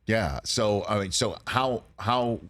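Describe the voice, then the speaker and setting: Man from new york, talk show host, low voice, playful banter. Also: takes it slowly, a bit bright, no room sound. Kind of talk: casual interview chat.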